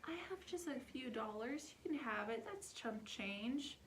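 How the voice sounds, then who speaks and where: A woman's voice: fairly high pitch, lively intonation, unhurried, fairly bright tone, a little hiss or hum, pitched above the performer's own voice. A woman doing a breezy, generous mom at a ballgame, her own everyday voice. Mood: offhand. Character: kind mother at a ballgame.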